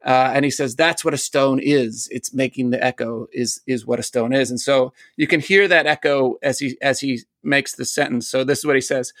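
A man's voice: medium pitch, steady tone, moderate pace, hardly any pauses, a bit bright, no room sound. A man, a poet and teacher, talks as a guest in an interview and explains ideas eagerly, laughing often. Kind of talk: casual interview talk.

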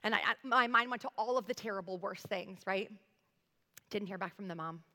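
Bright-voiced woman pastor preaching. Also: mid-range voice, a little fast. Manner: earnest, conversational, addresses the congregation directly. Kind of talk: sermon with personal story. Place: church sanctuary. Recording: long hall reverb.

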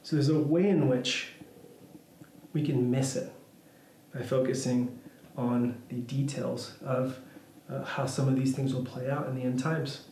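A man's voice: mid-range voice, little pitch movement, measured pace, long pauses, dark tone, echoey room, slight background noise, low-quality recording. A man preaching a sermon as pastor, talking in a loose, conversational way with frequent restarts. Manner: conversational, thinking aloud with restarts.

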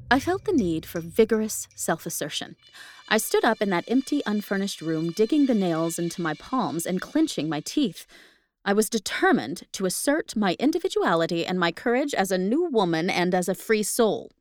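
A woman podcast host reading a ghost story aloud, expressive, with casual asides to listeners. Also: fairly low pitch, moderate pace, soft background music. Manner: expressive, laughs at the text between passages.

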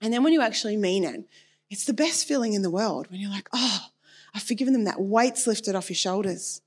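A woman's voice: mid-range voice, brisk, breathy edge. Earnest woman preaching a personal sermon.

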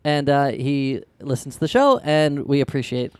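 A man hosting a podcast in relaxed casual chat, laughing easily and rambling with fillers. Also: medium pitch, moderate pace, smooth, dry recording. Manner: laid-back, laughs, many "like" fillers. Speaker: podcast host.

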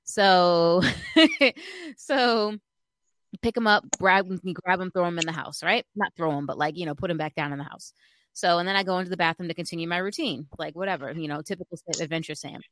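A woman telling an animated, chatty story in casual talk, full of fillers and acted-out quotes. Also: on the low side, brisk, no echo.

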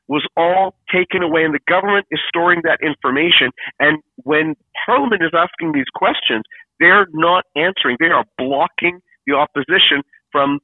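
A man's voice: a little high, no echo. Man, podcast co-host, earnest, insistent, rhetorical questions, phone-line sound, dry. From Canada. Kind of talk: casual chat.

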